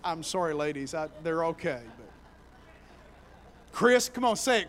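A man preaching a sermon to his church, telling the story with animated voices and building to loud, shouting passages. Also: fairly high pitch, measured pace, long pauses, low-quality recording. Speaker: pastor. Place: church sanctuary.

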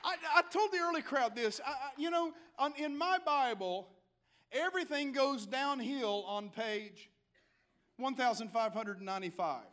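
A man, a pastor delivering a dramatic sermon in church, moving from quiet scripture reading to shouted calls. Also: extremely high pitch, unhurried, a faint crowd.

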